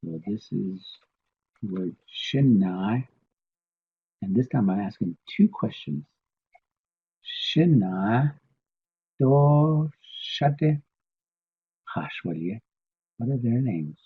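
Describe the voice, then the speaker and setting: A man teaching a classroom lesson at an unhurried pace, repeating words again and again for practice. His voice is low and a little husky, and it comes through a thin, phone-like line. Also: expressive. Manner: slow, patient, repeats words for drilling. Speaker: language teacher. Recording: tinny phone-like sound.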